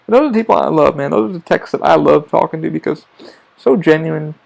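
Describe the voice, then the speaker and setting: A man's voice: on the high side, fast talker, gravelly, a little mellow. A man hosting his own podcast, talking as a theme park worker in a rambling, profane, casual monologue that restarts often. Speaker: podcast host.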